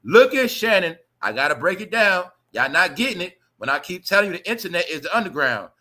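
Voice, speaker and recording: A livestream host, a man, ranting loudly and profanely to his chat, animated and talking straight to viewers. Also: high voice, quick pace. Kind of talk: ranting celebrity gossip commentary.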